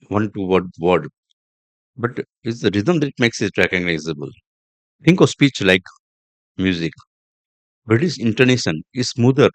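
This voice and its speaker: A man hosts a podcast lesson on pronunciation, his voice sitting on the low side. He talks deliberately and repeats himself, with fillers and restarts along the way. The sound is dry and close, with no room around it. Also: no echo. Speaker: podcast host and English teacher. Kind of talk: instructional podcast monologue.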